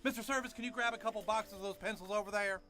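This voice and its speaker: A man's voice: high voice, steady tone, very fast, bright, forceful tone. A man voicing a pompous, self-righteous male teacher in a cartoon, preachy and smug. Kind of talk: animated cartoon voice acting. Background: music.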